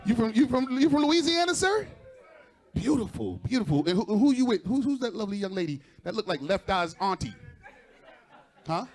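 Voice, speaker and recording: A stand-up comedian works the crowd at a live show, teasing audience members directly and laughing at his own jokes. His voice sits high and is very animated, moving at a moderate pace.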